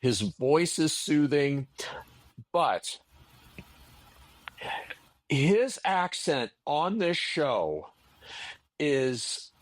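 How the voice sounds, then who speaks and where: A man's voice: on the high side, very animated, extremely slow, pauses often, dry recording. A man co-hosting a casual podcast, rambling through a story with sarcastic asides. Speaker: podcast co-host. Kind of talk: casual chat about old TV.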